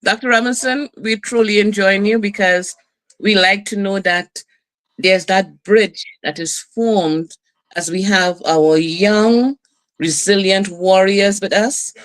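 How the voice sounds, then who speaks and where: A middle-aged woman host, telling stories and preaching in a lively community broadcast. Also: mid-range voice, takes it slowly. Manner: lively, preachy storytelling with laughs and asides.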